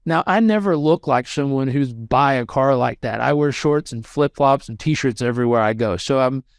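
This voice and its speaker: A man in his thirties, a podcast guest telling a story in an animated way and acting out the voices of the people in it. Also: mid-range voice, normal speed, dry recording, studio quality.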